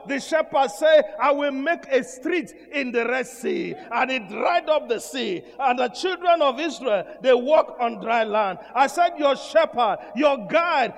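A male pastor preaching a sermon in a church, shouting declarations and repeating lines for call and response. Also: very high voice, noisy background. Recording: echoey church hall with congregation. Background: congregation responding.

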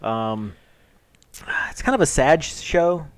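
A man's voice: on the high side, animated, slow, no room sound. Chatty podcast guy, rambles w lots of ums, dry close recording. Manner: rambling, chatty, many fillers. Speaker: podcast co-host. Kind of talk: casual chat.

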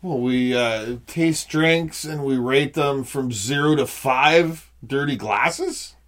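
A man's voice: medium pitch, takes it slowly, fairly bright tone. A man co-hosting a podcast who explains the rating system and teases the others with short interjections. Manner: brief interjections, teasing. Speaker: podcast co-host. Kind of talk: casual chat.

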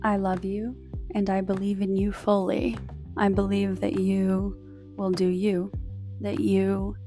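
A woman's voice: medium pitch, level tone, slow pace, warm tone, faint music behind. A woman hosting a spiritual self-help talk, speaking to the listener in a soothing, encouraging way, recorded on a phone. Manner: soothing, encouraging, direct address. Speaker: podcast host.

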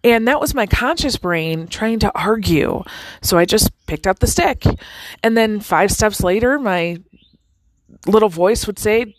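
A woman hosting a casual spiritual talk, chatty and animated, with many fillers and restarts. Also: medium pitch, a little slow, no echo, rough recording. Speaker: podcast host.

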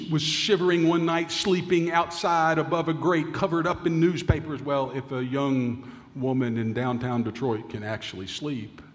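A man preaching in a church, telling a story with a slightly raised voice. He slows down and falls to near whispers at the tender moments. His words trail off into the long reverb of a large sanctuary. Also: on the high side. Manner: dramatic storyteller, drops to hushed tones. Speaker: pastor. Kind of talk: sermon storytelling.

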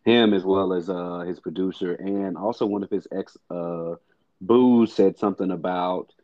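A man's voice: low voice, fairly even intonation, moderate pace, no room sound, highs cut off. A man co-hosting a casual music podcast, blunt, profane and emphatic. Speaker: podcast co-host.

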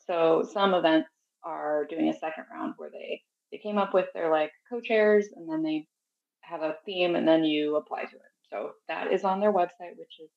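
This woman co-hosts a relaxed chat show with a voice sitting on the low side. Her sound comes through slightly dull and lo-fi. She rambles along easily, with plenty of fillers. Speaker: podcast co-host. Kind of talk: casual chat.

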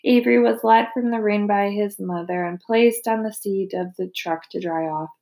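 Woman reader, gentle unhurried storytelling of a children's book. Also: medium pitch, gravelly. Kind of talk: reading a children's novel aloud.

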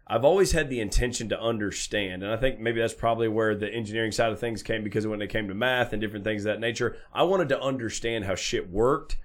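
A man's voice: on the low side, fast, few pauses. A man, co-hosting a podcast in a laid-back way with casual swearing. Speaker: podcast co-host. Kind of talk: casual chat.

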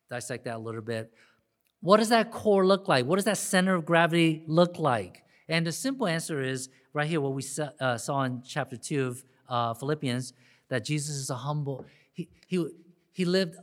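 Guy preaching a sermon, kinda high voice, chatty then gets loud and emphatic. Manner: conversational, rising to emphatic peaks with frequent restarts. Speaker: pastor.

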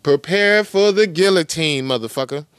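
A man on a podcast rants with crude street slang and heavy profanity, repeating the words of the clips back in mockery. His voice sits a bit high. The sound is dry and close. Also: moderate pace, clear, resonant tone, dry recording. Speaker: podcast host. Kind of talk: profane commentary rant over played clips.

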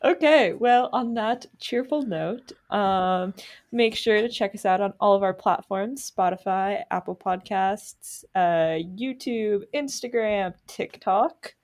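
A woman co-hosts a casual podcast among friends. She laughs easily and rambles through her wrap-up with fillers. Her voice sits at an ordinary, middling pitch. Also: slow, a little mellow. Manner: giggly, loose sign-off with trailing fillers. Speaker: podcast co-host.

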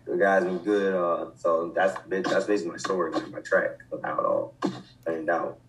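A man in his twenties with a fairly low voice talks in a loose, conversational way. He stops and restarts often, padding his thoughts with fillers as he answers questions. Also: steady tone, a bit bright, low-quality recording. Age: 20s. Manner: halting, many restarts and fillers. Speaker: football coach, interview guest. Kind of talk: casual conversation.

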